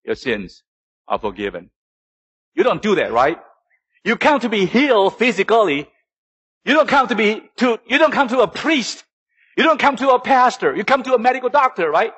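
A man's voice: lively intonation, a little fast, a bit bright, husky, rough recording. A man preaching a sermon as pastor, asking the congregation rhetorical questions and swinging his voice up and down for emphasis. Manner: preaching with rhetorical questions and sudden rises and drops in pitch.

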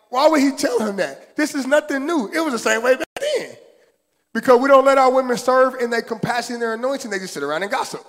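A man preaching a sermon as pastor, animated and joking, in casual slangy talk. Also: high voice. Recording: long reverb from a hall.

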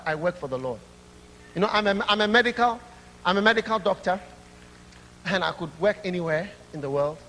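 A young man preaching an impassioned sermon that rises to shouts. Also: sits high, in a large hall, a little hiss or hum. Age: young adult.

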